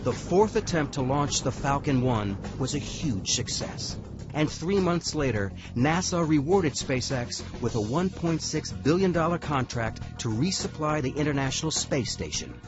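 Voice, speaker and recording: A man reading scripted documentary narration in a measured, dramatic way. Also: fairly high pitch, very animated. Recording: dull lo-fi audio over music.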